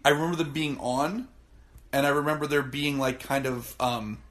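A man's voice: fairly high pitch, steady tone, a bit bright. Joking, swearing podcast man. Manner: swearing, jokey, puts on quick silly voices. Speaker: podcast co-host. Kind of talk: casual chat.

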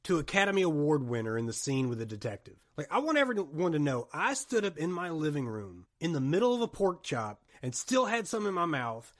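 A man hosting a podcast, chatting about a horror film in a rambling, jokey, animated way. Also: fairly high pitch, brisk, few pauses. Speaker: podcast host. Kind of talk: casual movie chat.

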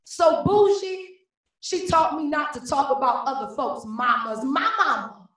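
A woman's voice: high voice, measured pace, a bit bright. A woman from Cleveland, Ohio, performing spoken-word poetry as a slam poet, with rhythmic, emphatic delivery built on repeated refrains. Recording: very echoey room, mic at a distance.

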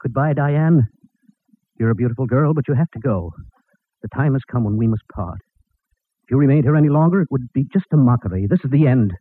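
An actor playing a bumbling, wisecracking young boyfriend in 1940s radio comedy, on a tinny old broadcast. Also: male voice, medium pitch, lively intonation, a little fast, slightly rough. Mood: mock-tragic. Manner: wisecracking, mock-dramatic.

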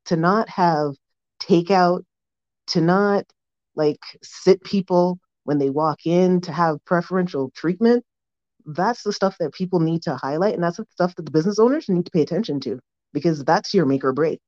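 A woman's voice: fairly low pitch, moderate pace, a little mellow. Woman caller on a dull phone line. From Toronto. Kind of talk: phoned-in opinion.

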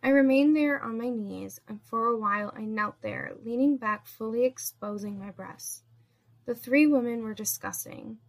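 A woman narrating a first-person story in a steady, measured reading. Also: fairly high pitch, creaky.

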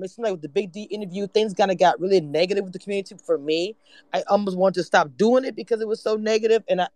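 A woman from hosting a casual live chat, excitable and candid. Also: medium pitch, no echo. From Louisiana. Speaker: YouTube channel host.

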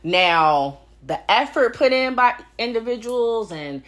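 A young woman hosting a solo podcast, telling a story in a blunt, profane, animated rant. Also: fairly high pitch, takes it slowly. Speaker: podcast host.

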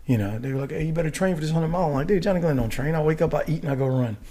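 A middle-aged man from the United States telling a story as a podcast guest, casual and profane, full of animated asides. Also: a little high, very fast, crowd noise. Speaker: guest, retired Army warrant officer.

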